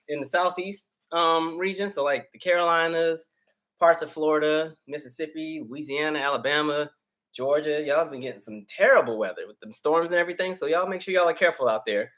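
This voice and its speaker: Male host doing laid-back live chat with viewers, slightly winded, easygoing delivery. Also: on the high side. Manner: relaxed, chatty, reads viewer names aloud. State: out of breath. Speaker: livestream host. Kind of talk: casual livestream chat.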